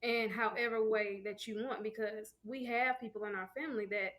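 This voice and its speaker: A woman's voice: a little high, fairly even intonation, moderate pace, fairly bright tone. A woman co-hosting a podcast in casual chat, earnest and giving advice. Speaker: podcast co-host.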